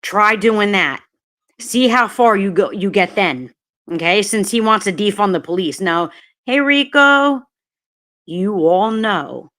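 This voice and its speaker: Woman streamer, mid-pitched, ranting hot and swearing freely, greets her chat viewers mid-sentence. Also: measured pace, a bit bright. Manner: heated, profane, blunt. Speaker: livestreamer. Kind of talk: live-stream chat rant.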